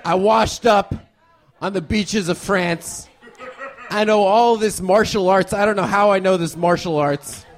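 A man's voice: high-pitched, unhurried, pitched below the performer's own voice. A man improvising a grown man posing as an eleven-year-old orphan boy, in a mock-earnest manner. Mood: boastful.

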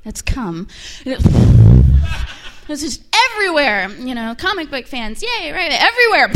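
A young woman with a high voice, working a crowd in a brash, bawdy stand-up set. She talks in animated bursts, with a playful, teasing edge throughout. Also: takes it slowly, heavy background noise. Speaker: stand-up comedian.

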